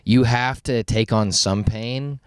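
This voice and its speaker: A man's voice: medium pitch, slow pace, smooth, no echo, studio quality. A young man co-hosting a podcast in casual chat, telling stories animatedly and laughing often. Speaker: podcast co-host.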